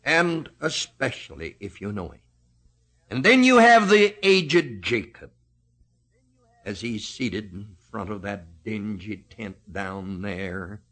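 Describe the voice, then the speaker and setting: A man preaching a sermon, slow and emphatic, rising and falling sharply in pitch and loudness. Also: expressive.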